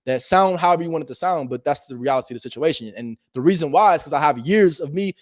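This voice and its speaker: A man giving a casual motivational talk as a host, animated and slangy, swinging between loud emphasis and low asides. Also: fast talker, dry recording, clean studio sound. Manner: slangy and direct, addresses viewers as bro. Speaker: real estate investor and video host.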